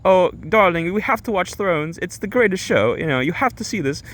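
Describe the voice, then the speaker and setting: A man putting on the voice of a chipper, gushing, posh British woman with a high sing-song delivery. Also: lively intonation, brisk, a bit bright, poor audio.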